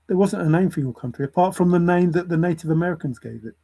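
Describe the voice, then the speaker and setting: A man's voice: high-pitched, quick pace, vocal fry, dark tone, rough recording. A man ranting to camera in a lecturing way, repeating his points for emphasis. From England. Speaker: vlogger. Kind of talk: opinion rant to camera.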